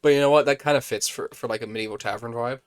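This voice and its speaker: Male streamer with a hoarse, worn voice at mid pitch, casual, mutters through tasks. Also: rapid-fire. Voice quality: thinks aloud, mutters to himself, chatty. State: hoarse, voice fading. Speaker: streamer playing a building game. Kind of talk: casual live-stream commentary.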